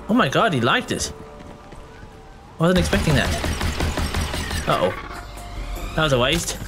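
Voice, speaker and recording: High, animated let's-play gamer guy. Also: unhurried, long pauses. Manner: joking, exclamatory. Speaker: gameplay streamer. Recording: voice over loud game music.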